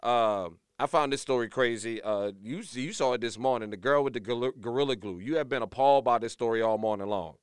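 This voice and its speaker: A man's voice: medium pitch, a little fast, few pauses, smooth, no room sound, studio quality. A man from Louisiana hosting a morning radio show, talking bluntly and ranting with jokes. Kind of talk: casual morning show chat.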